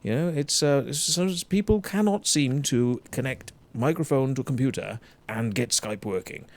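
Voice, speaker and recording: A Welsh man hosting a casual livestream chat, blunt and animated, swearing heavily as he rants. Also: mid-range voice, moderate pace. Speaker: show host.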